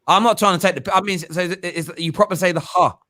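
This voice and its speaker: A man hosts a casual football show, voice sitting a little high and lively, telling jokey stories. The sound is close and dry, with no room around it. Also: fast, dry recording. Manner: animated, jokey storytelling. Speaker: host.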